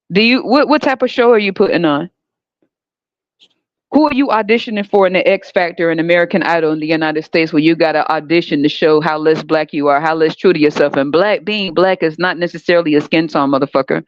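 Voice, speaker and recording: A female podcast host with a deep voice delivers a brisk, profane ranting monologue, blunt and sarcastic as she swears through it. The recording is dull and dry.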